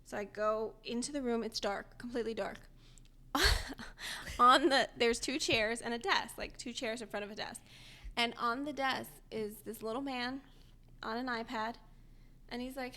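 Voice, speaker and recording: A young woman with a bright, somewhat high voice tells a story in relaxed podcast chat. She is animated, laughs often and acts out the people she quotes. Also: a little slow. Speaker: podcast co-host.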